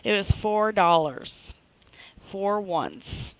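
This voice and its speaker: A woman's voice: medium pitch, drawn-out words, dry recording, low-quality recording. A middle-aged woman, hosting a live stream and chatting casually as she retells a story, often checking in with listeners. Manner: chatty, animated retelling with frequent "right?".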